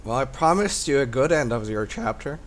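A man acting as dungeon master, explaining rules with frequent pauses and restarts. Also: mid-range voice, lively intonation. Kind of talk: running a tabletop game.

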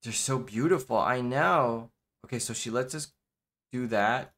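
A man's voice: medium pitch, unhurried, a bit bright. A man giving casual let's-play commentary, rambling with lots of fillers and repeated "okay.". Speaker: gameplay commentator.

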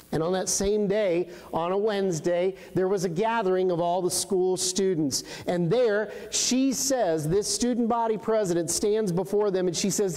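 A man preaching a sermon, telling a story and slowing down for emphasis, sometimes asking the congregation questions. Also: sits high, darkish tone. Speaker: pastor. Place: church sanctuary. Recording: long reverberant church hall.

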